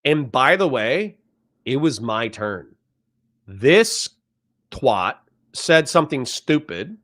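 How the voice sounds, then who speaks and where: A man commenting live on a debate stream, heated and profane, ranting in quick bursts. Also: mid-range voice, big pitch swings, a bit bright. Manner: heated, profane, rapid rants.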